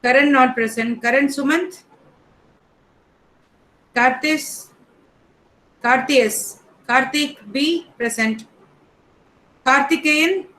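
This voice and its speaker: A woman teacher, calling the roll in an online class in a brisk, matter-of-fact way. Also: sits high, fairly bright tone, rough recording. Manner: reads names one by one in a brisk, matter-of-fact way.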